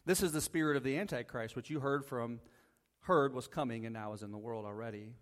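Casual pastor preaching with frequent "right?". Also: male voice, medium pitch, brisk. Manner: casual, asks the congregation "right?" often, jokes lightly. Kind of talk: conversational sermon with Bible reading. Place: church sanctuary.

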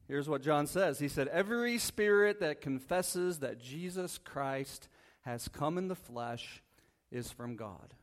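A man's voice: a little high, lively intonation, measured pace. A man preaching a conversational sermon as a pastor, reading Bible verses, often checking in with the congregation and joking lightly. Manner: casual, asks the congregation "right?" often, jokes lightly. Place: church sanctuary.

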